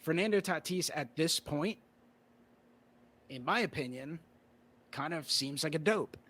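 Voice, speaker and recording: A male card-collector guest in a casual conversation, relaxed and rambling with plenty of "you know" fillers. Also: fairly high pitch, measured pace.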